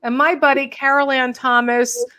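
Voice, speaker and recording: A woman hosting an interview, chatty and quick to laugh, reading out comments from viewers. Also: sits high, level tone, bright, forceful tone. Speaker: podcast host. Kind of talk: casual interview chat.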